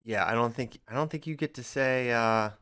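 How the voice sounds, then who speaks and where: A man co-hosting a talk show in relaxed chat. He teases and jokes through his banter. His voice sits at an ordinary middle pitch. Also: normal speed, clear, resonant tone. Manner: teasing, joking banter. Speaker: co-host of a wrestling show. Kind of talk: casual chat.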